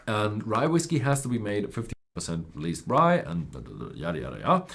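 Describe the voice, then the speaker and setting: A man's voice: lowish voice, wildly swooping pitch, fairly quick, gravelly, fairly bright tone. A man explaining whisky types in loose, rambling talk, full of fillers and self-corrections. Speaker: whisky presenter. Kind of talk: unscripted explainer.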